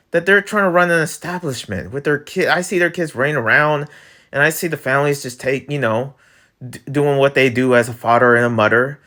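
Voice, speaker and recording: A man hosting his own vlog, talking alone in a casual ranting monologue that swings between heated outbursts and low mutters. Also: a bit bright. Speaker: vlog host.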